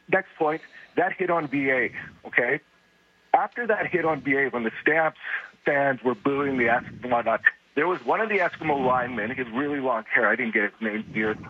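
A hoarse man, calling in to vent angrily, repetitive and heated. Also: medium pitch, normal speed, pauses often. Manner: angry, venting, repetitive. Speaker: caller. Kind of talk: call-in rant. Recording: muffled phone line with faint hiss.

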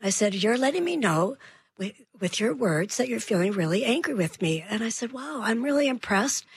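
Husky-voiced woman telling parenting stories. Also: on the high side, normal speed. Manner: animated storyteller acting out dialogue. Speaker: guest child behavior expert. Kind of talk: radio interview storytelling.

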